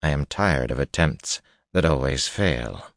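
A man voicing a cool, scheming noblewoman who speaks smoothly and primly in an audiobook reading. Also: very deep voice, expressive, a little slow, dry recording, studio quality, exaggerated voice. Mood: cool, probing.

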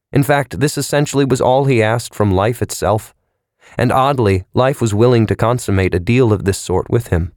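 Here a male audiobook narrator tells a novel in an even, measured way. The recording is dry and studio-clean, and his voice sits on the low side.

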